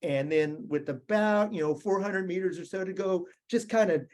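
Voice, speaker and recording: A man's voice: high-pitched, normal speed, darkish tone, pitched above the performer's own voice, natural voice. A man imitating a laid-back male California surfer coach with a drawling, slangy way of talking. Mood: easygoing.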